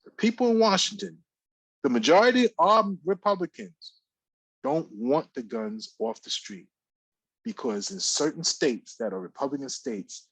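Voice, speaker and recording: A man's voice: mid-range voice, husky, dry recording, poor audio. A man co-hosting a live talk show, speaking in a rambling way with many fillers and repeated phrases. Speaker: radio show co-host. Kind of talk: casual talk radio commentary. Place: office.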